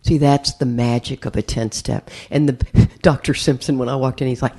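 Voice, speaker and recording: A woman's voice: a bass voice, moderate pace, a little hiss or hum. A woman speaking at a recovery meeting, telling a humorous personal story with lots of laughter and acted-out voices. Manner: animated, laughs often, acts out others' voices.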